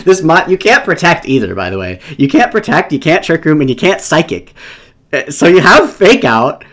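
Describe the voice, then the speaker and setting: A man's voice: fairly high pitch, very animated, moderate pace, fairly bright tone. A man giving casual, rambling live commentary while playing a competitive game, thinking aloud and swearing often out of exasperation.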